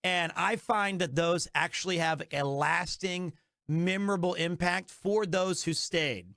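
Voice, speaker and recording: High, upbeat streamer man. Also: a little slow, sharp tone, dry recording, studio quality. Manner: enthusiastic, rambling with restarts. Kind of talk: casual live-stream chat.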